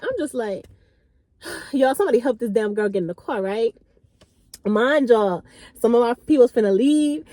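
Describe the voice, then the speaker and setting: A chatty woman in her late twenties tells a wild story straight to her viewers. Her voice sits high and swings widely in pitch. The sound is dry and close to the mic. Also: dry recording. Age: late 20s. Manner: animated, chatty, slangy. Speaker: vlogger. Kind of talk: casual storytime.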